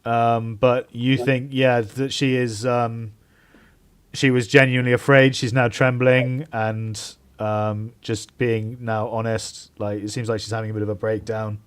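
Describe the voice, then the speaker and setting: A man narrating as game master in a tabletop game, relaxed and full of hesitations. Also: medium pitch, measured pace, clear, resonant tone. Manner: casual, relaxed, with frequent hesitations.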